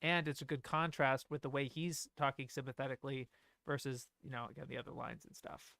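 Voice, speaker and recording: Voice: mid-range voice, flat delivery, brisk, vocal fry, fairly bright tone, no room sound, studio quality. A stream host giving chatty commentary that compares a film's dub and sub, with many fillers. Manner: chatty, with fillers and acted-out quotes.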